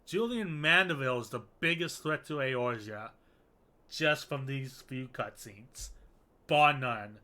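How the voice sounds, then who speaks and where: A man streaming a video game, giving casual commentary, excitable, swearing and laughing often. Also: medium pitch, slow pace.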